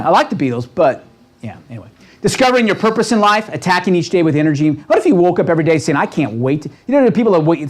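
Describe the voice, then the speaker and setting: A man leading a real estate training seminar, talking with a lively, coaching manner and checking in with the room constantly. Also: on the high side. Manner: animated, asks the room constant "right?" questions. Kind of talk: motivational seminar talk. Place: seminar room with a live audience.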